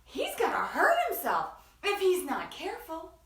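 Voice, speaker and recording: A woman's voice: very high-pitched, huge pitch swings, normal speed, fairly bright tone, far from the mic, voice pushed up, heavily acted. Brief: fretful storybook sheep, a woman reader putting it on, bleating, roomy sound. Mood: worried. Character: worried caring female sheep.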